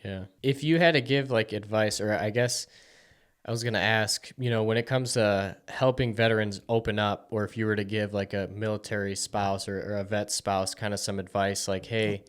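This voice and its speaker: A man hosting a podcast interview, asking soft, hedging questions with lots of "kinda" and "like". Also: on the low side, steady tone, normal speed, clean tone. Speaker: podcast host.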